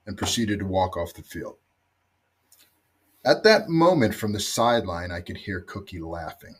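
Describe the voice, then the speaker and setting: Husky low-voiced man giving a tribute. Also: very animated, measured pace. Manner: reflective, gently storytelling, voice dropping low at phrase ends. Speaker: former rugby teammate giving a tribute. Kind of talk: recorded memorial tribute.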